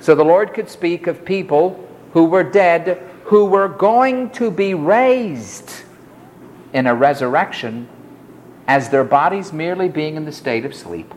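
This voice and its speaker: A man's voice: a little high, animated, a little slow, a little hiss or hum. A man preaching an expository sermon, telling the story expressively and acting out the quotes.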